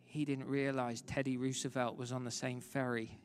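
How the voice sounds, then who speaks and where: A pastor, preaching a sermon in a dramatic storytelling way, swinging from loud to hushed. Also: male voice, medium pitch, little pitch movement, moderate pace, a little hiss or hum. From London, England. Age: 30s. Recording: reverberant hall, faint music.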